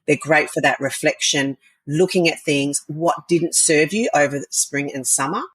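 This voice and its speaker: This wellness coach, a guest on a podcast, talks at a moderate pace in a low-pitched, husky, somewhat bright voice. Her casual interview chat is enthusiastic and meandering, full of fillers and laughter. The recording is rough but has no echo.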